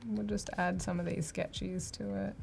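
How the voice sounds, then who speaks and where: A woman's voice: medium pitch, flat delivery, normal speed, creaky, crowd noise. A woman artist talking casually through a digital drawing demo, thinking aloud with fillers.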